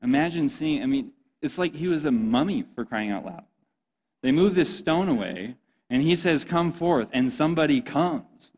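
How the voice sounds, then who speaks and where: A man's voice: a little high, animated, normal speed, darkish tone. A man giving an earnest, impassioned sermon as a youth pastor, often speaking to his listeners as "guys.".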